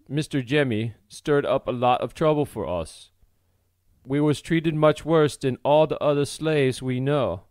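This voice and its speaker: A man's voice: mid-range voice, a little mellow, no room sound, close to an everyday voice. Brief: man reading as a skinny frightened fugitive, pleads anxiously, close and dry. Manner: nervous, pleading. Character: nervous pleading runaway man, skinny and hungry.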